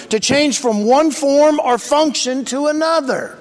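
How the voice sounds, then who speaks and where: High-voiced man preaching in a reverberant hall. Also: unhurried. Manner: preachy call-and-response, emphatic and plain-spoken. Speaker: pastor. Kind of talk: sermon. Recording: long reverb of a large hall.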